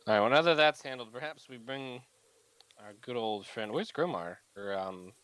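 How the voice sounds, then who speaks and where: A man playing a tabletop game, animated and jokey in casual talk. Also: mid-range voice, moderate pace, smooth, poor audio. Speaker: player.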